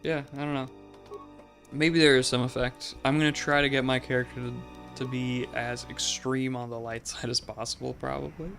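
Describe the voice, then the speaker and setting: Gravelly guy chatting through a game he's playing, rambly, lots of "like", mid pitch, faint music behind. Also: flat delivery, normal speed, fairly bright tone. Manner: chatty and musing, many "like"s, laughs often. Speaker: let's play host. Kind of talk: casual gameplay commentary.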